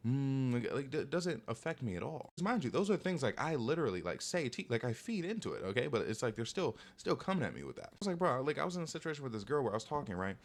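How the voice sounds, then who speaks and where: A young man giving dating advice in a casual monologue, talking fast with lots of "like" and "okay?", and mocking people in put-on voices when he quotes them. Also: medium pitch, sing-song.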